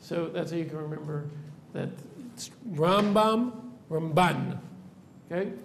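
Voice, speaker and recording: A rabbi in a classroom, a man with a high, gravelly voice, lecturing students. He explains patiently, tosses questions to the class and keeps checking they follow with a quick "right?". Faint hiss sits under the recording. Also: fairly even intonation, warm tone. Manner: explanatory, tags "right?" onto nearly every point. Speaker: rabbi teaching a seminary class.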